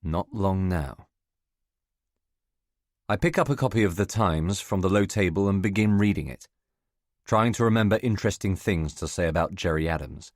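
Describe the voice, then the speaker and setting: A man giving measured, scripted first-person narration of a novel for an audiobook. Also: low-pitched, no echo, clean studio sound.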